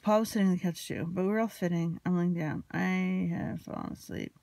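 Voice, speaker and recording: Her voice is on the low side, warm and creaky, and she speaks briskly with no echo. This vlogger is still shaken, rambling anxiously and confessionally through a quarrel she recounts, quoting what was said.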